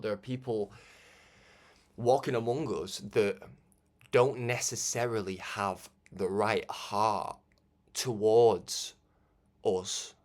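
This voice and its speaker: Rambling man giving spiritual talk. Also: lowish voice. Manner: rambling, conversational, laughs often, restarts and stammers. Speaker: religious broadcaster.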